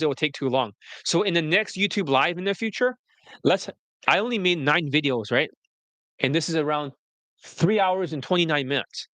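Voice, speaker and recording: Bright, direct male dating coach. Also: on the high side, no echo. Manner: blunt, direct, switches into a polished marketer voice. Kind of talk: livestream talk mixing sales pitch and casual chat.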